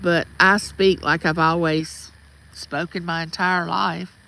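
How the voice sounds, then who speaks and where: A woman's voice: lowish voice, little pitch movement, takes it slowly, creaky, sharp tone, poor audio. A middle-aged woman from Mississippi with a Southern accent, chatting casually on a livestream from outside her home and greeting viewers by name. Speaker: livestream host. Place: outdoors at home.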